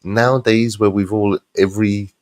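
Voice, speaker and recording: A man's voice: lowish voice, fairly even intonation, normal speed, a little mellow. A man hosting a live-stream panel, chatting casually and teasing his guests with blunt jokes.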